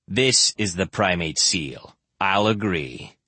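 A man voicing a drunk, cynical male mercenary with a slurred, mushy voice, pitched lower than his own. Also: animated, slow, pushed and bright, husky, no echo, heavily acted. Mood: sneering.

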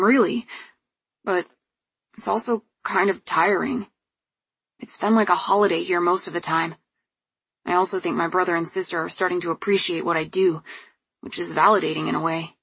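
A woman's voice: lowish voice, fairly bright tone, breathy edge, no echo. A woman reading the lines of an earnest, vulnerable young man in an audiobook.

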